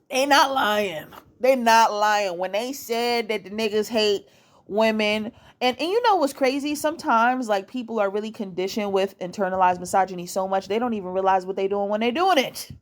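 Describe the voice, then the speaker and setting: Speaking in a mid-range voice, this young woman delivers dating advice as a casual at-home monologue. Her style is blunt and full of profanity, and she drives each point home by repeating it.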